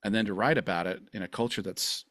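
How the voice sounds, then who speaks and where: Guy hosting a podcast, rambles and gushes a lot, lowish voice, dry close sound. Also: fast, fairly bright tone, dry recording. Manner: effusive, rambling, gushing with praise. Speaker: podcast host. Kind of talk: casual interview chat.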